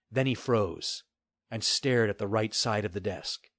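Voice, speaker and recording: A man narrating a children's adventure novel with steady, expressive storytelling. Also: on the low side, measured pace, no room sound, studio quality. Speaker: audiobook narrator. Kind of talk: scripted narration.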